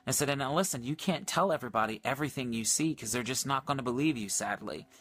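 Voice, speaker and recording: Speaking fast with a breathy edge, a man ministers over livestream, earnestly recounting a prayer encounter. His casual storytelling is packed with quoted dialogue and rises to excited peaks.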